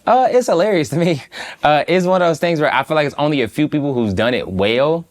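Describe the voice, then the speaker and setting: A man from Detroit, a food critic talking as a guest, speaking slowly in a calm, relaxed, fairly monotone way. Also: on the high side. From Detroit, USA. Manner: slow, calm, monotone delivery; relaxed, laughs easily. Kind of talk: casual interview chat.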